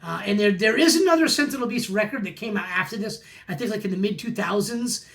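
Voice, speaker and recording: Vlog host, forties, gravelly voice of middling pitch, keen and chatty. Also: expressive, fast, fairly bright tone. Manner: enthusiastic, repeats praise words. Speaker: metal record collector host. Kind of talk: casual album review vlog.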